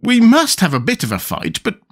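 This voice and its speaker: A man's voice: high voice, fairly quick, husky, voice pushed up, full character voice. A man doing fussy, petulant Tweedledum. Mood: grave. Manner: excitable and petulant. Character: fussy, quarrelsome, childish little man.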